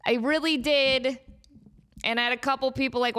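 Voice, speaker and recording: A woman in her thirties talks through a casual solo podcast. Her voice sits a little high, and she is chatty and self-deprecating, trailing off and circling back as she goes. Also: animated, moderate pace, fairly bright tone. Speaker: podcast host.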